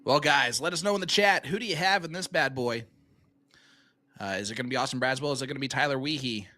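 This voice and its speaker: A man's voice: mid-range voice, fast talker, pushed and bright. A man hosting a live darts stream, commentating and reading sponsor promos in an upbeat, chatty way.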